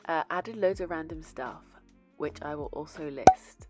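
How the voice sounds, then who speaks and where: Young woman vlogger, casual and filler-heavy, slightly low voice, music playing behind. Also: unhurried. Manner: relaxed and chatty, with many fillers. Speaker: vlogger and podcast host. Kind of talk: casual vlog chat. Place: home kitchen and garden.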